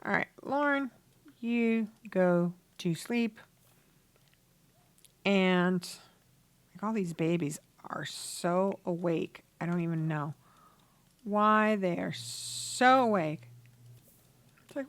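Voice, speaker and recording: A woman's voice: lowish voice, lively intonation, takes it slowly, long pauses. A woman hosting a let's play, chatting casually over gameplay and acting out her characters' arguments in quoted lines, laughing often.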